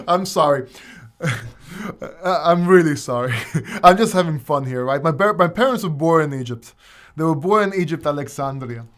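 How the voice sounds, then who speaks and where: A man hosting a casual crypto livestream, answering viewer questions in a rambling, joking way with plenty of laughter. His voice sits fairly high for a man. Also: expressive, moderate pace, a bit bright. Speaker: crypto channel host.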